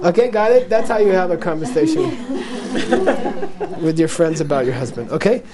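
Playful high-voiced male Buddhist teacher. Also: sing-song, brisk, a loud crowd. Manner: playful, repetitive, acts out dialogues, laughs often. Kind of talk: teaching talk to a live audience.

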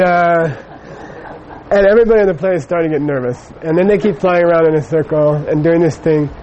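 A middle-aged man with a somewhat high, slightly mellow voice gives a Buddhist dharma talk. He rambles through a personal anecdote with many fillers. The recording is low quality with slight background noise.

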